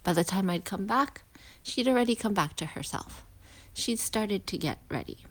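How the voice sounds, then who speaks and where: A healing practitioner and parent speaks in a mid-range, expressive voice during a casual lesson delivered while walking outdoors to school. She sounds reflective, pausing often, restarting, and adding hushed asides.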